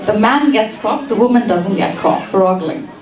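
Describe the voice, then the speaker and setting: A woman's voice: mid-range voice, animated, normal speed, darkish tone, far from the mic. A woman giving a humorous lecture to an audience in a large hall, teasing the listeners and repeating phrases for emphasis. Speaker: speaker at a community talk.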